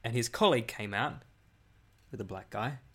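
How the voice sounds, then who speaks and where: A man's voice: mid-range voice, moderate pace, fairly bright tone, slightly rough. A man co-hosting a comedy podcast, telling a long anecdote. His talk is loose and chatty, with many false starts and repeated words. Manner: rambling storyteller with many restarts. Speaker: podcast co-host. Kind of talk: casual comedic chat. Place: abroad, living in Asia.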